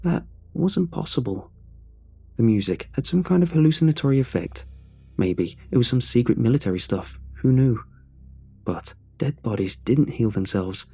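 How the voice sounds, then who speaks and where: A man reading a horror story aloud as a narrator, in a tense, hushed storytelling manner. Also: medium pitch, husky. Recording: soft music underneath.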